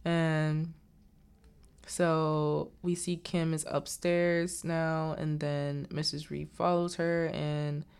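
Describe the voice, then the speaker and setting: Low-pitched, gravelly woman recapping a movie. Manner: animated, acts out the characters' lines in quick voices; chatty asides and digressions.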